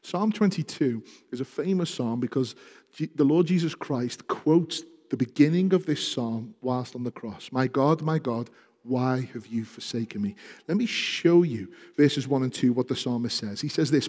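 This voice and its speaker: A man preaching a sermon, speaking with passion and growing loud when he reads scripture aloud. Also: mid-range voice, moderate pace, breathy edge. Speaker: pastor. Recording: reverberant hall.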